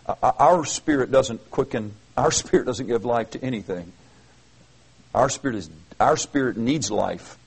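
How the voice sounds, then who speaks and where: Mid-range and gravelly, a little rough, this preacher moves at normal speed through an expository sermon. He reads the verses, then earnestly explains them with repeated, emphatic phrasing and many restarts. The recording is rough.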